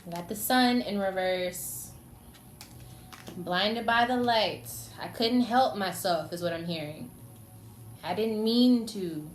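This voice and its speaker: A woman's voice: mid-range voice, takes it slowly. A woman giving a casual tarot reading, chatty and teasing, talking straight to the signs she reads for. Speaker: tarot reader. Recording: echoey room with faint noise.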